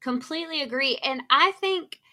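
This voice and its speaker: A woman guest on a podcast, talking quickly and laughing at herself. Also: high voice, pushed and bright. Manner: quick, laughing, self-mocking. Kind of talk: casual chat.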